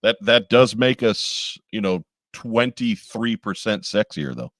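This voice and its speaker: A lower-voiced man hosting a podcast, making dry, wry asides. His voice is congested and hoarse. The sound is close and dry. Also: expressive, measured pace, fairly bright tone, no room sound. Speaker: podcast host. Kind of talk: casual podcast chat.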